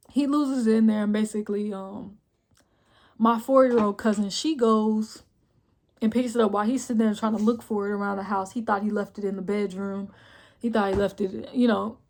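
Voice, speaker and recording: A young woman recounting a family drama to her camera in a casual storytime vlog. She talks bluntly and swears freely, her voice sits a little higher than usual, and she sounds emotional, at times close to tears. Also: background noise. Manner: blunt, profane storytelling with "boom, boom, boom" asides. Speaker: vlogger.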